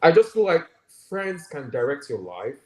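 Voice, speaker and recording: A very animated guest doctor with a Nigerian accent speaks at normal speed in a fairly high voice. He is earnest and reflective, often checking in with "right?", in a conversational interview recorded with roomy echo.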